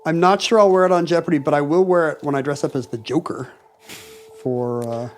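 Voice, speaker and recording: A man's voice: fairly high pitch, a little fast. A man co-hosting a podcast in casual chat, with a dry, wry manner. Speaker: podcast co-host.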